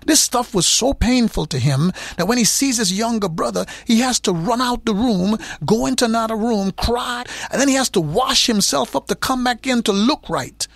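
High, lively male preacher with gravelly edges. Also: moderate pace, few pauses, no echo. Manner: emphatic Bible teaching, repeats words for effect. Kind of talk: sermon.

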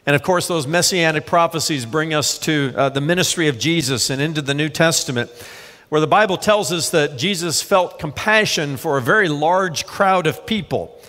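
Male pastor, slightly high voice, measured sermon delivery, long hall reverb. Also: a bit bright. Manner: measured preaching, slows for scripture readings.

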